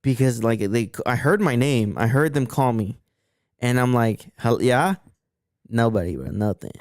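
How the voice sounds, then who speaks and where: A man's voice: mid-range voice, animated, normal speed, a little mellow, no echo, clean studio sound. Profane young man telling a story. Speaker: podcast co-host. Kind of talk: casual chat.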